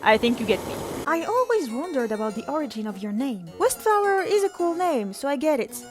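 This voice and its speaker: Vlogger, young woman, French accent, high and animated, playful and dramatic. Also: fairly quick, music in the background. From France. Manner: playful, self-mocking, dramatic. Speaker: YouTube channel host. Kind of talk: casual Q&A vlog.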